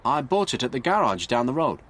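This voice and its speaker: A man's voice: medium pitch, big pitch swings, brisk, fairly bright tone. A man reading a storybook, voicing a cheeky, determined young man in a raised voice. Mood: puzzled.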